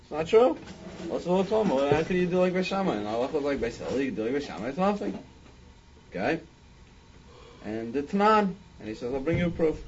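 A man's voice: fairly high pitch, very animated, fast, long pauses, dull audio, a little hiss or hum. A man leading a Talmud study class, thinking aloud with frequent restarts and "I mean". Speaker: Talmud teacher.

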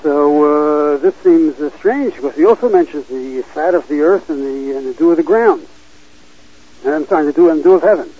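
A man teaching a Torah class, halting often with fillers and restarts as he reads verses aloud and explains them. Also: on the high side, breathy edge. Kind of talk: Bible class lecture. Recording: dull lo-fi recording.

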